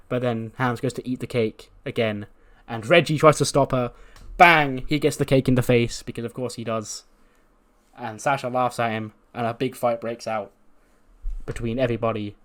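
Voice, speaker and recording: A man narrating a wrestling-management game playthrough in a loose, rambling way. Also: medium pitch. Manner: loose, rambling, many "like"s and restarts. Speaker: let's-play creator.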